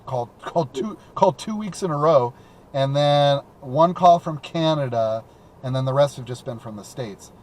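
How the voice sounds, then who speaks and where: A man's voice: medium pitch, animated, moderate pace, a little mellow. A young man hosting a call-in talk show while driving around in his car, chatting casually, rambling and repeating words with lots of fillers. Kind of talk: casual chat.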